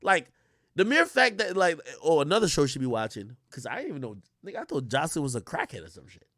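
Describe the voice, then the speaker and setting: A high-voiced man telling stories on a livestream, swinging his pitch up and down and swearing freely as he talks. His voice sits close to the mic in a dry, dead room. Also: fast, no room sound. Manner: animated, profane, storytelling with quoted voices. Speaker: streamer. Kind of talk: casual livestream rant.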